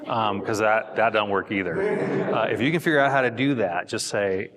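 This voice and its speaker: A middle-aged man with a low voice jokes at his own expense while speaking to couples. His words trail off into a long hall reverb. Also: quick pace, a bit bright. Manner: joking, self-deprecating. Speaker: seminar speaker. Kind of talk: candid talk to couples.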